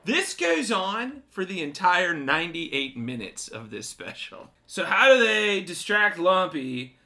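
A man's voice: sits high, big pitch swings, a little slow, pushed and bright. A man co-hosting a casual chat, joking and rambling as he recaps a film. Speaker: podcast co-host.

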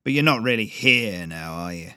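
A man voicing a stern old male blacksmith who talks in curt, rasping commands. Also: lowish voice, lively intonation, normal speed, bright, forceful tone, dry recording, clean studio sound. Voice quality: rasping, growling.

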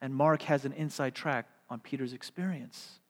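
A man preaching a sermon, asking rhetorical questions and swinging from emphatic to hushed delivery. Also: medium pitch, fairly even intonation, normal speed, big-room sound.

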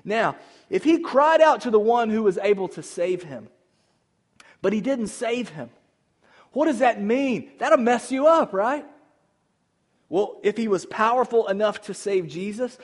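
A man preaching a sermon to his church, moving between loud emphatic calls and hushed, tender passages. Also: high voice, animated, unhurried. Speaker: pastor. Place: church sanctuary.

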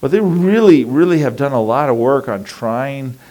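Animated conversational male preacher. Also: medium pitch, moderate pace. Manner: conversational and animated, acting out inner voices. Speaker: pastor. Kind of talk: sermon.

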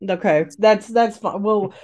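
A woman's voice: mid-range voice, a little slow, warm tone. A woman co-hosting a podcast in casual chat, chatty and rambling, laughing often. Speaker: podcast co-host.

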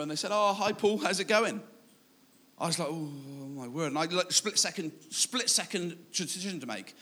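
Male preacher, self-mocking storyteller with a bright, ringing tone. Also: on the high side. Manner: self-deprecating storytelling, animated, laughing at himself. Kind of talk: sermon with personal story. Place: church.

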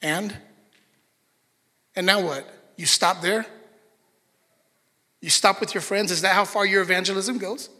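Man as an impatient master, bright and insistent, hall echo. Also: high voice, fairly even intonation, unhurried, long pauses, heavily acted. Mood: exasperated. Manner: exasperated, pressing questions. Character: impatient demanding master of a house.

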